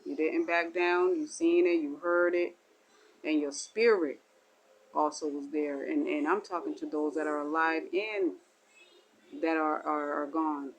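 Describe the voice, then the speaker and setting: A woman giving spiritual talk as a channeler, acting out voices and ending in a low, hushed blessing. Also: measured pace, poor audio. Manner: animated, acts out dialogue in shifting voices.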